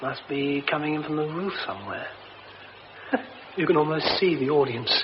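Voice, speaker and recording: An actor playing an excitable young playwright in a radio drama, talking to himself in exclamations. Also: male voice, fairly high pitch, normal speed, lightly acted. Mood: wondering. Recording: dull old radio recording with clear hiss.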